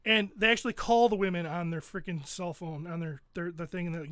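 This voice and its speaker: A man's voice: high-pitched, fairly even intonation, brisk, fairly bright tone, dry recording, clean studio sound. A man hosting a podcast, animatedly retelling a show in casual, profane chat. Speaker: podcast host.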